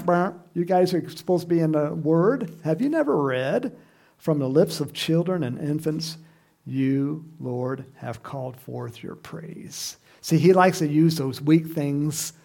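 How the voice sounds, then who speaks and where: A man preaching a sermon as pastor, lively and chatty, laughing often and acting out the voices of people in the story. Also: on the high side. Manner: lively, acts out quoted voices with sudden loud cries and laughs.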